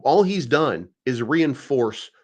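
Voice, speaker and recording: A man's voice: medium pitch, expressive, slow, darkish tone. A man from Kentucky in casual debate, talking bluntly and profanely with lots of energy. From Kentucky, USA. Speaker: guest.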